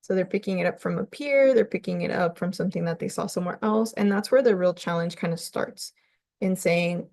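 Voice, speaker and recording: A woman's voice: lowish voice, a little fast, gravelly, a little mellow, no echo. Woman counselor talking parents through stuff, casual, keeps saying right?, pretty dry close sound. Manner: conversational, often tags on "right?". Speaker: family counselor. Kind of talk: webinar presentation for parents.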